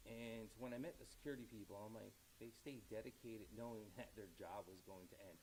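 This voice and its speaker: A middle-aged man, a county executive, giving candid press conference remarks outdoors, rambling with many fillers and retelling conversations in an animated way. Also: on the low side, a little fast, a little hiss or hum, poor audio.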